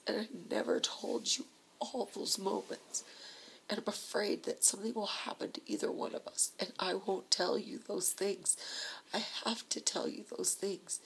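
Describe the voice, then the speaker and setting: A woman records a tender, tearful video message to her husband, her voice soft and intimate and often sinking into a breathy half-whisper. A gravelly fry runs through her ordinary-pitched voice. A faint background hiss sits under the recording. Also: low-quality recording. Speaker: vlogger.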